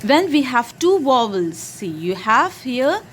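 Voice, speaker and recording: A woman's voice: high voice, big pitch swings, takes it slowly, a little hiss or hum. A woman drilling her young child on phonics, patiently spelling out letters one by one and praising each answer.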